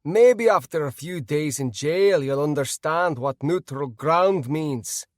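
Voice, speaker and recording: A man voicing a gruff, stern male dwarf guard with a Scottish accent in an audiobook. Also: fairly high pitch, animated, slow pace, dry recording, clean studio sound, voice pushed up. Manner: stern, commanding.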